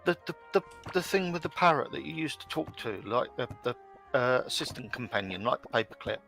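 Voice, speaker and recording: A man's voice: medium pitch, lively intonation, a little fast, fairly bright tone. A man chatting loosely on a gaming stream, rambling and hunting for words, with casual swearing. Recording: music clearly in background.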